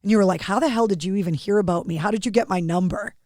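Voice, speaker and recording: A woman hosting a podcast, chatting casually and telling stories in a lively way. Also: mid-range voice, very fast, dry recording, clean studio sound. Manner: chatty, animated storytelling. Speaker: podcast host. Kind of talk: casual interview chat.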